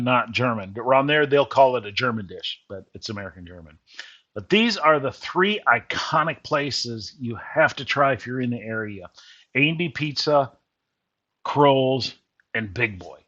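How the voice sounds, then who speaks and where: A middle-pitched man talks over his photos in an easy, rambling voice-over. He trails off and corrects himself as he goes. The recording sounds dull and a bit lo-fi. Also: fairly bright tone. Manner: rambling, folksy, self-correcting. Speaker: vlogger. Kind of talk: casual voice-over narration.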